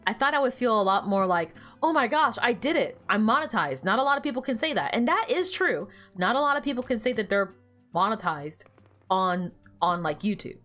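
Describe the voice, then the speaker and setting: A woman's voice: mid-range voice, very animated, brisk, a bit bright, soft background music. A young woman streaming a game and chatting casually, teasing the characters on screen and laughing often. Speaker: gaming streamer. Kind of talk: casual gameplay livestream chat.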